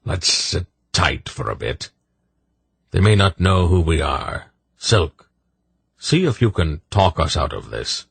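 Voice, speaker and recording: A man voicing a gruff, sarcastic old sorcerer in an audiobook. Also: low voice, sing-song, slow, dry recording, full character voice. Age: older.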